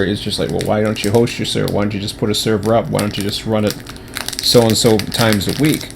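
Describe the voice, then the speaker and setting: A man's voice: medium pitch, a little hiss or hum. A man chatting casually on a livestream, rambling with many restarts and fillers, at times with his mouth full. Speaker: streamer.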